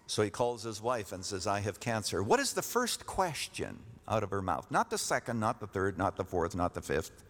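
A man preaching a sermon as pastor, emphatic, repeating his key phrases and rising in pitch to stress a point. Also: big pitch swings, moderate pace, fairly bright tone. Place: church sanctuary. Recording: long reverb of a church hall.

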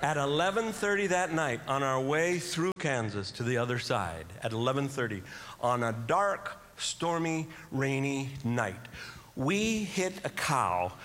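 A man telling a comic story on stage, animated and full of sound effects. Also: mid-range voice. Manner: animated, does sound effects and quick voices. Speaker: stand-up comedian. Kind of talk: stand-up comedy storytelling. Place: live stage before an audience. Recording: live hall with long reverb and audience noise.

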